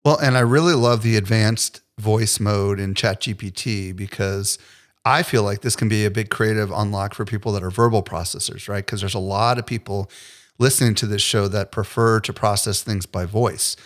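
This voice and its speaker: Man, podcast host, lower pitch, casual interview, encouraging, conversational. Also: steady tone, moderate pace.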